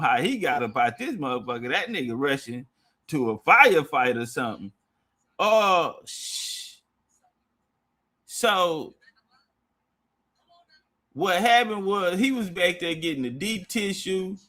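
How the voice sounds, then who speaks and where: A man telling a comic story, profane and animated, laughing often. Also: high-pitched. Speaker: stream host. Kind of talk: comedic storytelling.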